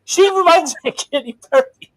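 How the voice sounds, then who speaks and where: A man's voice: extremely high pitch, a little fast, no echo, poor audio. A man hosting a live stream chat, teasing and jokey. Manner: teasing, jokey, mimics others. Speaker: livestream host. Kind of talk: casual chat.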